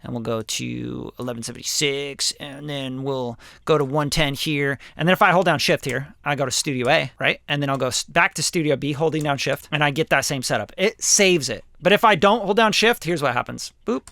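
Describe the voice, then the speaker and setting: A man's voice: mid-range voice, a little fast, gravelly, hardly any pauses, sharp tone, dry recording. A man, a music producer, giving a casual plugin tutorial in an enthusiastic, joking, slangy way. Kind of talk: casual screen-recorded tutorial.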